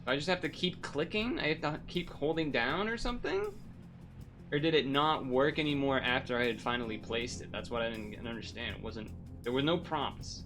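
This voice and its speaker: A young man mutters his way through a video game stream, his voice dropping low when he sulks and jumping up when things break. He swears freely and keeps complaining aloud. Faint game music sits under his talk. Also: a bit bright. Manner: frustrated, swearing, muttering then exclaiming. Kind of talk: live gameplay commentary.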